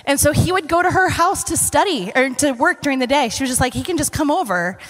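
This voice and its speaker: A woman's voice: high voice, expressive, fast, a bit bright. A woman giving heartfelt thanks to friends, rambling and giggly as she speaks. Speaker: church member giving thanks. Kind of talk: casual heartfelt speech. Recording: long hall reverb.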